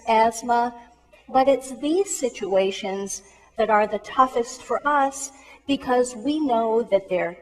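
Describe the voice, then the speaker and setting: Earnest woman telling a story in a reverberant hall. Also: fairly high pitch. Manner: earnest storytelling with acted-out dialogue. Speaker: emergency room worker. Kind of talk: cautionary talk to students. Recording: long reverb of a big hall.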